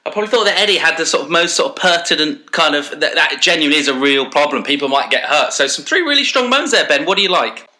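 A male podcast co-host gives jokey, mock-formal verdicts on listener complaints. His voice is bright and forceful and sits a little high. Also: animated, fast talker, few pauses. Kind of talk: casual podcast chat.

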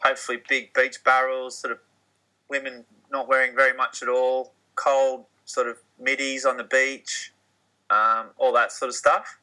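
Joking, relaxed Aussie co-host with a sharp, bright tone. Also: male voice, mid-range voice, normal speed, poor audio. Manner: laid-back, joking. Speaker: podcast host. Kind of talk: casual podcast chat.

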